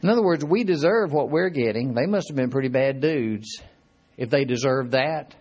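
A man's voice: medium pitch, expressive, moderate pace, a little mellow. A man preaching a sermon in a folksy, conversational way, his voice rising and dropping dramatically as he reads and retells scripture.

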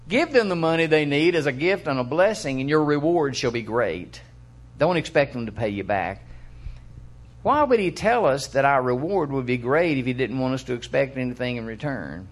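An older man with a medium-pitched, sing-song voice preaches conversationally, asking listeners questions and reading scripture aloud. He acts out quick quoted voices to illustrate his points.

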